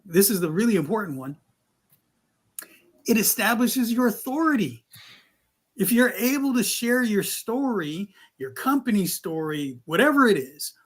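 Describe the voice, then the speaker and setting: A man with a high voice and an unhurried, drawn-out delivery tells stories from his call-center work. He is animated and slips into callers' voices when he quotes them. It is a casual co-host chat recorded in a live studio.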